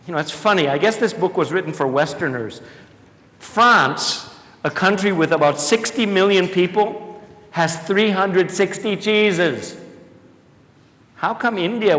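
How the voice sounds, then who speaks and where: A man delivers a keynote in a large conference hall and jokes with the audience as he talks. His voice sits a little high. The hall is roomy, and a long reverb trails after his words. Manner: animated, jokey, talks to the audience. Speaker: conference speaker.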